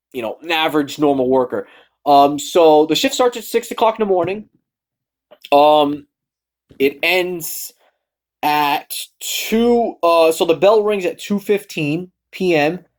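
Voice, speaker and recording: A young man from Massachusetts vents in a loose, rambling story, full of fillers and false starts. His voice sits a little high for a man, and he breaks into lively acted-out quotes. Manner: rambling, many fillers and restarts; animated, acts out quoted lines. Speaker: vlogger. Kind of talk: casual storytelling rant.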